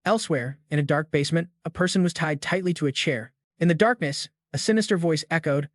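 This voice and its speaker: A man giving a steady, scripted narration of a story recap. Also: on the high side, fairly quick, few pauses, no room sound, clean studio sound.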